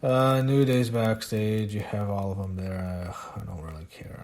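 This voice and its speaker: A man's voice: on the low side, moderate pace, hardly any pauses. A man giving a casual, blunt recap of a wrestling show, swearing and shrugging things off with frequent fillers.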